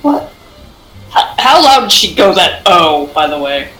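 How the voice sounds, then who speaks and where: A woman's voice: on the low side, big pitch swings, measured pace, a bit bright. A woman playing a tabletop game, describing her character's actions with hesitant fillers. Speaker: player. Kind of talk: casual tabletop role-play. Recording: roomy sound with faint music.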